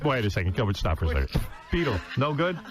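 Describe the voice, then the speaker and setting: A man's voice: medium pitch, big pitch swings, fast talker. Teasing male radio host. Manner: teasing, egging on guests. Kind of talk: radio talk show banter.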